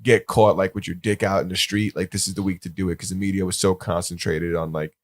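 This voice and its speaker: A man's voice: low-pitched, level tone, quick pace, no echo. A young man co-hosting a podcast in casual banter, rambling and laid-back with lots of fillers. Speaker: podcast co-host.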